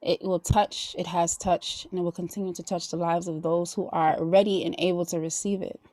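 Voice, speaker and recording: A woman's voice: fairly low pitch, flat delivery, moderate pace, warm tone, dry recording. A woman hosting a podcast, pouring out heartfelt, preacher-like affirmations to her guest in a casual chat. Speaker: podcast host.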